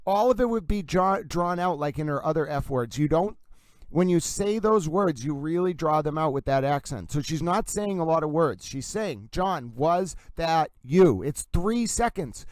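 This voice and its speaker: A man from Massachusetts with a Massachusetts accent, hosting a livestream of courtroom commentary and pressing his points emphatically to "ladies and gentlemen". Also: a little high, lively intonation, moderate pace, dry recording. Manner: emphatic, insistent, repeatedly addresses "ladies and gentlemen". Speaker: livestream host.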